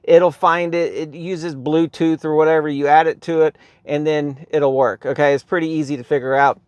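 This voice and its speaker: A man's voice: on the high side, fairly even intonation, normal speed, a little mellow, smooth, no room sound, highs cut off. A man talking casually in a how-to vlog from inside his car, rambling with lots of "um" and "right here" as he points things out. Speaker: car vlogger.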